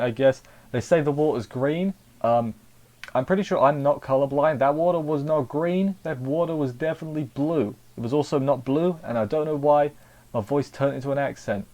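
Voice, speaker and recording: A man's voice: medium pitch, a little mellow. A man giving a casual, rambling spoken review of an anime episode, often repeating words and restarting sentences.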